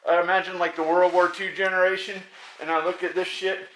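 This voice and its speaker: A man rants into his own camera in a rambling, profane flow, stumbling over restarts. His voice is bright and forceful and sits a little high for a man. A faint hiss of noise runs under it. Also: level tone, a little fast, low-quality recording. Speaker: self-recording programmer. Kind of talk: rambling self-filmed monologue.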